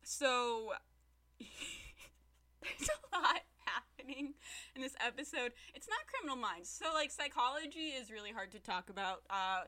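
Acting out the characters' lines, a podcast co-host with a slightly high voice recaps a TV episode in a casual chat full of profanity and animated storytelling.

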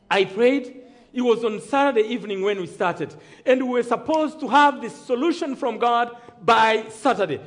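A man's voice: very high voice, normal speed, fairly bright tone. A man from Rwanda, telling his testimony as a sermon, storytelling dramatically and calling out to the congregation for amens. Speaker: preacher giving testimony.

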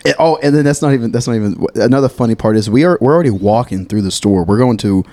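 A young man tells a story on a podcast, lively and full of swearing. His voice is medium in pitch and sits dry and close to the mic, with no room sound behind it. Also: fast talker, no room sound. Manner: animated, swearing, laughs while telling a story. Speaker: podcast co-host. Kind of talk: casual storytelling chat.

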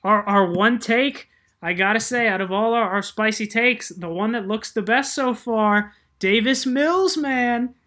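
A man co-hosting a casual sports chat, measured and quick to laugh. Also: sits high, sharp tone. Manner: measured, chatty, laughs easily. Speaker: podcast co-host.

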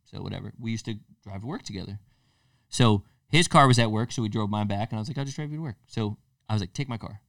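Male podcast co-host, lively storyteller who acts out his quotes, sits back from a dry mic. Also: fairly low pitch, quick pace, vocal fry, no echo, far from the mic. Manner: animated storyteller, acts out quotes, many restarts. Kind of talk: casual storytelling chat.

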